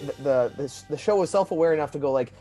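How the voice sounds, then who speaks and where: Rambling male podcast co-host, casual and animated, faint music in the background. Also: a little high, fast talker. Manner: rambling, animated, acts out characters' lines in quotes.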